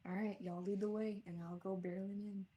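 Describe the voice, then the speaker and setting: A woman playing a tabletop game, chatting casually with quick reactions. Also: mid-range voice, flat delivery, mellow, breathy edge. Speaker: player.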